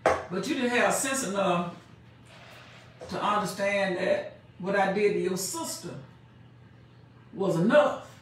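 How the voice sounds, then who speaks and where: A woman preaching a sermon. She reads scripture slowly and with emphasis, then explains it in plain everyday speech. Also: mid-range voice, expressive, slight background noise. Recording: echoey room, mic far off.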